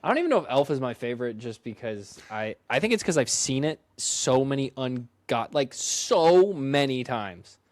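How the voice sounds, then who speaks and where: A man co-hosting a podcast, joking around and quick to break into silly voices. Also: medium pitch, big pitch swings, darkish tone, no echo. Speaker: podcast co-host. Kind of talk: casual chat.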